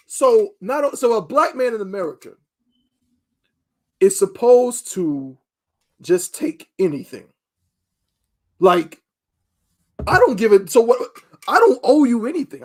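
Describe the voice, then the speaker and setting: A man co-hosting a casual talk show, telling a story with emphatic, animated delivery. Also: high voice, unhurried, long pauses. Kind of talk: casual podcast chat.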